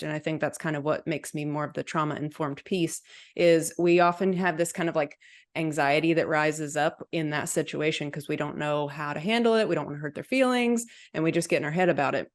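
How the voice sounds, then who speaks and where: A woman, a dietitian, giving calm, explanatory answers as an interview guest. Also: deep voice.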